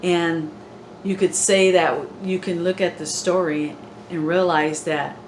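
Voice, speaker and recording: A woman in a casual faith discussion, speaking gently and reflectively. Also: on the low side, fairly even intonation, takes it slowly. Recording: echoey room, faint noise.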